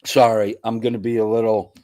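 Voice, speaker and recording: A congested man with a sore throat runs a casual livestream. He reads chat comments aloud in a profane, rambling way. His voice sits low, and the sound is dry and close. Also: flat delivery, brisk, mellow, no echo. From US East Coast. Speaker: livestream host. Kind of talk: casual live-stream chat reading comments.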